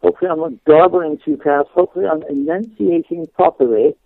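English guy chatting on a call-in show, raspy-gravelly voice, lots of uh and you know, phone line sound. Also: a little high, brisk, no echo. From England. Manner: chatty, laughing, many fillers and restarts. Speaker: guest minister. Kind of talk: radio interview storytelling. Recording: dry tinny phone line.

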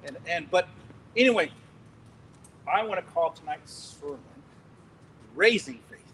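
A middle-aged male preacher telling a story in a sermon, animated and laughing, acting out scenes loudly. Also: on the high side, measured pace, a little hiss or hum, poor audio.

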